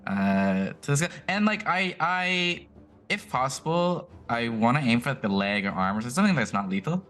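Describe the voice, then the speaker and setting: A man's voice: mid-range voice, big pitch swings, moderate pace, fairly bright tone, faint music behind. A man playing a tabletop game, casually describing his character's moves and shots. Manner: casual, with playful in-character asides. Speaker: player.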